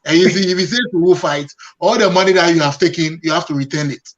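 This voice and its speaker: Dude on a panel, kinda high voice, keeps repeating himself to win the argument, dull audio. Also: male voice, steady tone, fast talker. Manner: emphatic, repetitive, argumentative. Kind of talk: opinionated panel discussion. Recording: dull lo-fi sound.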